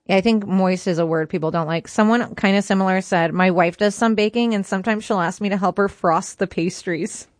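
A woman co-hosting a radio show, reading out listener messages in an amused, teasing way. Her voice sits at an ordinary pitch, and the studio sound is close and dry. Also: brisk, hardly any pauses, dry recording. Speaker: radio co-host. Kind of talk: casual chat.

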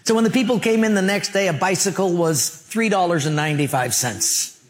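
A male pastor delivers a sermon with a fairly high-pitched voice. He moves through stories in an emphatic yet conversational manner, speaking straight to the congregation. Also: fairly quick.

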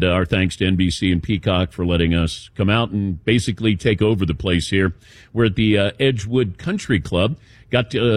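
A man's voice: lowish voice, dry recording. A man hosting a live sports talk show from outdoors, chatting casually with many fillers and reading ad copy. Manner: rambling, many "uh" fillers, reads ads smoothly. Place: outdoors by a golf driving range.

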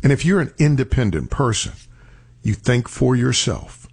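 A man giving a reflective motivational talk, telling stories and slowing down on key words for emphasis. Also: medium pitch, big pitch swings, vocal fry, darkish tone, husky. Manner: storytelling, acts out quoted voices, slows for emphasis.

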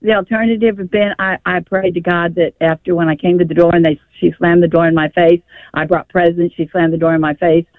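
A woman's voice: fairly low pitch, fairly even intonation, brisk, dry recording. An older woman calls in and tells her story in a rambling, emotional way, often stopping to restart her sentences. Her voice comes through a tinny, dry phone line. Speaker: caller. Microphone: telephone.

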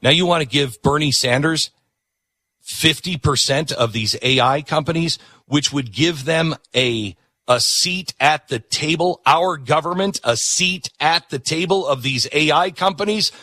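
A man's voice: a little high, a little slow, sharp tone, no echo, studio quality. A man hosting a talk show, delivering an opinionated, emphatic monologue that repeats words for punch.

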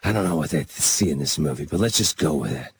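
A man imitating an aging male movie star who sounds gruff and weary. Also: a bass voice, lively intonation, quick pace, a little hiss or hum, voice pushed down. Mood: resigned.

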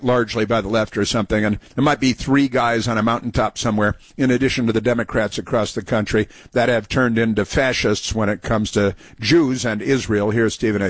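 A man hosting a talk radio show, sarcastic and mocking, talking in halting bursts with many fillers and restarts. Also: mid-range voice, no room sound. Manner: sarcastic, mocking, interjects over clips. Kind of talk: opinionated talk radio commentary.

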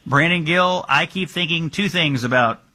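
A man's voice: on the high side, normal speed, pushed and bright. A man hosting political talk radio, sarcastic and incredulous in his questions.

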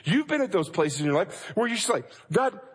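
A pastor preaching a sermon, acting out anguished prayers in a pleading tone and repeating phrases for emphasis. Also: male voice, high-pitched, sing-song, quick pace, slightly rough. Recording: long reverb of a large hall.

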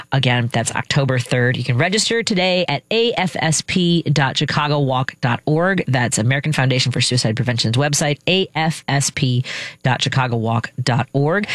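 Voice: medium pitch, a bit bright, no room sound, studio quality. A podcast host in a casual monologue, rambling through sponsor thanks and politics with frequent self-corrections.

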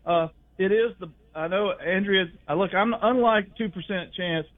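A man calling into a talk show, rambling in a folksy, animated way. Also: sits high, normal speed. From Tennessee. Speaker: caller. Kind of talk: comedic call-in bit. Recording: phone line.

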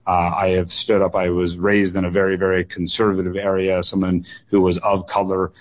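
A man's voice: sits low, little pitch movement, a little fast. A man running for state office, answering radio interview questions earnestly, with frequent fillers and repeated words. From United States. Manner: earnest, repetitive phrasing with many fillers and doubled words. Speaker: political candidate guest.

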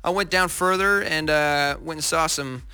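A man's voice: on the high side, normal speed, bright, forceful tone, clean tone. A young American man, a guest on a radio show, chatting eagerly and rambling with lots of self-corrections. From United States. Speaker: guest musician. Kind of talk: casual radio interview chat.

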